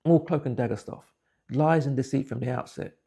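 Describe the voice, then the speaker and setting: Gravelly man telling his story. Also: mid-range voice, fairly quick, warm tone. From England. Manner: blunt plain-spoken storytelling. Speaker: interviewee. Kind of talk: personal testimony.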